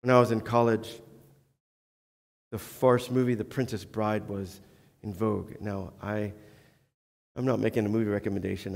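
A man's voice: lowish voice, flat delivery, normal speed, creaky, long pauses. A male pastor preaching a sermon earnestly, with flashes of self-deprecating humor, in a church. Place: church sanctuary. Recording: long church-hall reverb.

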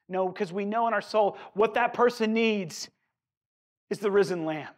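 A man's voice: sits high, brisk. A male pastor preaching a sermon in a church sanctuary, earnest and conversational, often turning to the congregation with asides.

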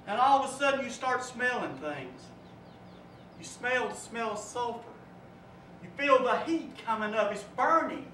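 High, bright-voiced man preaching. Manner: vivid storytelling, rising and dropping to a hush. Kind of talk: sermon. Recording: echoey room, from far off, faint noise.

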